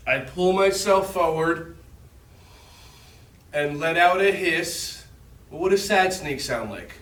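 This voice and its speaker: A man with a high, bright voice guides children through a yoga lesson at an unhurried pace. He sounds gentle, encouraging and playful. His voice comes from some distance away, in an echoey room. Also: slight background noise. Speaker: kids yoga instructor.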